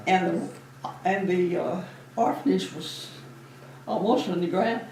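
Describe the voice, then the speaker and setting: A woman's voice: on the low side, unhurried, slight background noise. A woman in her eighties, a former Navy nurse, telling her memories in an interview, chatty and often laughing. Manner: chatty, warm storyteller who laughs often. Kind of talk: reminiscing interview. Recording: echoey room, distant mic.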